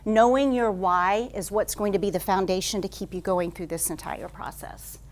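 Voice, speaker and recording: A woman HR consultant giving a conference talk to a live audience, telling stories at a rapid clip with frequent fillers. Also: mid-range voice. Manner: fast-paced, says she talks like an auctioneer; lively storytelling with frequent "um" fillers.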